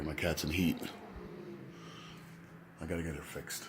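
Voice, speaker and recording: A man's voice: a bass voice, level tone, a little slow, background noise. A man talking candidly and at length in a casual vlog, rambling and confessional.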